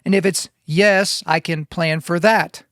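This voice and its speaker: A man in his forties delivers a motivational podcast monologue in an emphatic, preachy way, hammering his points home with repetition. His voice sits a little on the high side. The sound is dry and close, from a home studio. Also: fairly even intonation, a little slow, fairly bright tone, dry recording. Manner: emphatic and preachy, repeats key phrases. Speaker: podcast host.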